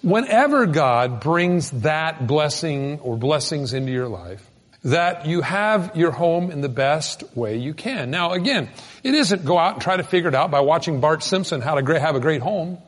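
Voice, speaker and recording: A man preaching a sermon in a folksy, animated storytelling manner with sudden loud bursts. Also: on the high side, normal speed, long reverb tail. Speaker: pastor.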